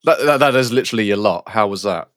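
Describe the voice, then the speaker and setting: Jokey guy co-hosting a podcast, lowish voice, dry close sound. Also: lively intonation, fairly bright tone, no room sound. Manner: playful, quick asides and laughter. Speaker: podcast co-host. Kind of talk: casual chat.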